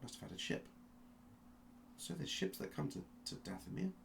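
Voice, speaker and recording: A man narrating a tabletop game as game master, telling the story slowly and with suspense, often restarting his sentences. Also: on the high side, very animated, gravelly, background noise. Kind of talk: dramatic second-person narration of a tabletop game.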